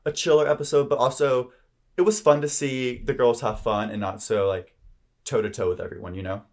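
A man's voice: medium pitch, steady tone, a little fast, a little mellow. Young guy podcast cohost, gossipy, says like a lot, laid back recap chat. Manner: gossipy, filler-heavy, says "like" constantly. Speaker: podcast co-host.

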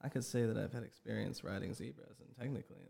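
A young man with a lowish, creaky, dark voice and a breathy edge talks fast as a podcast guest. He chats casually, rambling through stories with lots of laughter and acted-out quotes.

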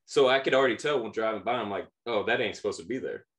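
A man in his thirties with a lowish voice talks at a quick clip as he co-hosts a podcast. He tells a story casually and animatedly, laughing often and acting out the voices of the people he quotes.

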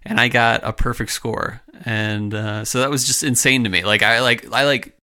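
A young man co-hosting a podcast, chatting in a relaxed, rambling way with lots of fillers. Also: mid-range voice, normal speed, clear, resonant tone. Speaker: podcast co-host. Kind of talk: casual chat.

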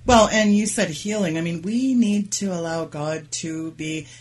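A woman's voice: lowish voice, a little slow, darkish tone. A woman hosting a faith talk show, speaking in an affirming way and ending points with tag questions. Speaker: show host.

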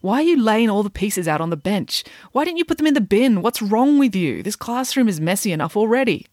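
A woman reads a grumpy, vain art teacher from a children's storybook. He is brusque and dismissive, and his pitch rises and falls a lot. The voice sounds close and dry, with no room around it. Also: very animated, brisk, a little mellow, no room sound, natural voice. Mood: gruff.

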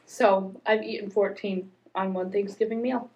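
A woman's voice: medium pitch, steady tone, moderate pace, darkish tone, low-quality recording. A young woman co-hosting a casual chat, telling stories about herself in a chatty, self-mocking way. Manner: chatty, self-deprecating storyteller. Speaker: co-host.

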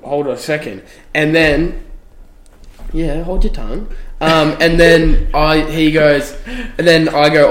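A man's voice: on the high side, takes it slowly, long pauses. Young man rambling, echoey room. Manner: rambling storytelling, laughs often. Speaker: podcast co-host. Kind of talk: casual chat.

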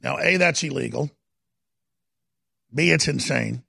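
Guy hosting a talk show in a studio, fired up political rant, super gravelly raspy voice, hammers every point, dry close sound. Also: mid-range voice, dry recording. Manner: emphatic, dramatic, swings from slow deliberate stresses to shouting. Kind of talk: heated political commentary. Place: broadcast studio.

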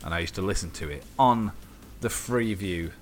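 Low-voiced man telling animated anecdotes. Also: normal speed, slight background noise. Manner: swears freely, animated anecdotes, acts out quoted voices. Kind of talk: casual chat.

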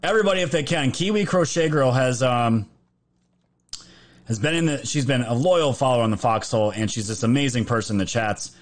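A man hosting a livestream, casually chatting and thanking viewers for donations with upbeat energy. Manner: upbeat, thanks viewers quickly, lively pitch jumps. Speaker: livestream host.

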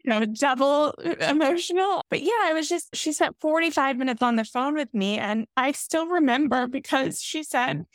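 A woman's voice: high voice, normal speed, hardly any pauses, no room sound, clean studio sound. A pregnant woman, a podcast guest, candidly and emotionally recounting her path through pregnancy loss to midwifery care. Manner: candid, emotional, animated quoting of others. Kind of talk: emotional personal storytelling.

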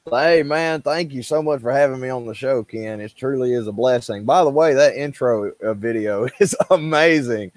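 A man's voice: mid-range voice, normal speed, hardly any pauses, dry recording, rough recording. Male interview guest, Arkansas drawl, easygoing and folksy, dry close sound. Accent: Arkansas Southern. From Arkansas, USA. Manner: easygoing, folksy, laughs easily. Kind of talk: casual interview chat.

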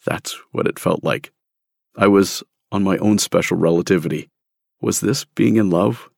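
A man's voice: low voice, moderate pace, gravelly, dry recording, studio quality. A man narrating his own memoir story in a candid, wry, emphatic way, read from a script. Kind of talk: scripted first-person storytelling.

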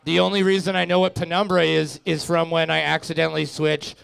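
A man co-hosts a bar trivia night with deadpan wisecracks. His voice is heavily gravelly and full of vocal fry, and it sits a little high. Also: brisk, low-quality recording. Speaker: co-host.

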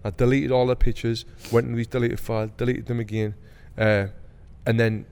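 A middle-aged man, co-hosting a podcast, telling a story in casual chat, animated and swearing, acting out the voices of the people he quotes. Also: mid-range voice, a little fast, clean tone, big-room sound. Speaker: podcast co-host.

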